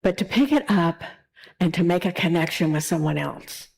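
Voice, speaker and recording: A woman minister giving a sermon in a conversational, animated storytelling way. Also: lowish voice, moderate pace, vocal fry, rough recording.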